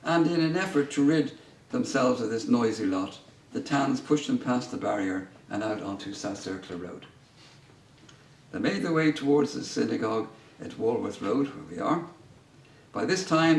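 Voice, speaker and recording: A man giving a public history talk as guest speaker, telling an anecdote in a measured way. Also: mid-range voice, lively intonation. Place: museum lecture room. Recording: roomy, distant mic, faint noise.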